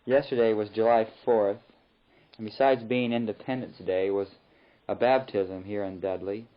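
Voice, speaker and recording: A young missionary man recording a rambling, relaxed spoken letter home in his flat. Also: fairly low pitch, moderate pace. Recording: muffled old tape recording.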